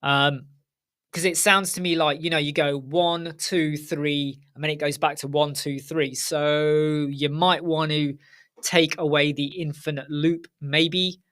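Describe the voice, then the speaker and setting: A man's voice: on the high side, flat delivery, unhurried, a bit bright. A middle-aged man hosting a casual live Q&A stream from home, talking frankly and straight to his viewers. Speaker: host.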